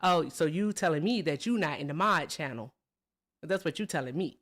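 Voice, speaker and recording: A low-voiced woman, animated and moderately paced, chats casually while hosting a live political call-in stream. Upbeat and talkative, she says "y'all" while greeting her callers and viewers.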